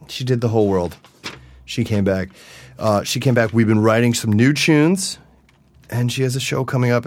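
A man hosting a casual solo podcast, talking in an animated, profane way. He swings between loud excited bursts and quiet mumbled asides. The recording is dry and close. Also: on the low side, no echo. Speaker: podcast host.

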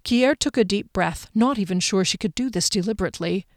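A woman narrating a fantasy novel in a steady, expressive reading. Her voice sits at a middle pitch. The recording is dry and close, with no room sound. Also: fairly quick, no echo. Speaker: audiobook narrator. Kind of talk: scripted narration.

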